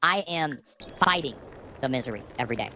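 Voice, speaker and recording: A man's voice: medium pitch, animated, brisk, bright, forceful tone. A middle-aged man livestreaming from home, ranting bitterly and profanely about his life through a streaming microphone. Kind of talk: livestream rant. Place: at home, seated. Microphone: streaming microphone with auto gain.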